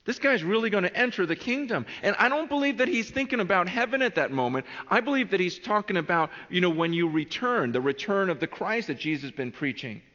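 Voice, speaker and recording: A man preaching a sermon in an earnest, animated way, often restarting his phrases. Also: sits high, a little fast, hardly any pauses, long reverb tail, dull audio. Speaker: pastor.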